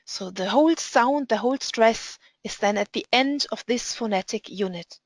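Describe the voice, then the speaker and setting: On a dry, low-quality recording with no echo, a woman with a higher voice teaches how to pronounce Hebrew. She patiently explains, slowly and deliberately reading Hebrew examples aloud.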